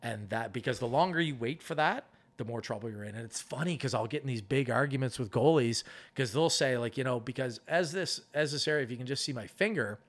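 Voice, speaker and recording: A man's voice: medium pitch, brisk. A middle-aged man coaching goalies, talking through his methods in a casual interview and acting out arguments. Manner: animated explaining, acts out arguments.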